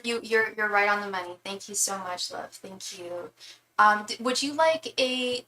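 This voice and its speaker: Woman doing tarot on a livestream, bright voice, calls everyone love, bit of hiss behind. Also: mid-range voice. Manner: chatty, calls viewers love and darling. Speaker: tarot reader on a live stream. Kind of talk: casual live-stream chat.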